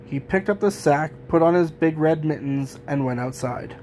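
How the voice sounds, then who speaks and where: A man reading a children's picture book aloud in a gentle, even storytelling manner. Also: a little high, normal speed, a little hiss or hum. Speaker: storybook reader.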